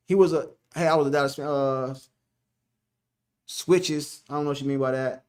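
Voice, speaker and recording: A man's voice: high voice, normal speed, pauses often. A man hosting a casual sports live stream, reading the chat aloud, joking, laughing and repeating himself.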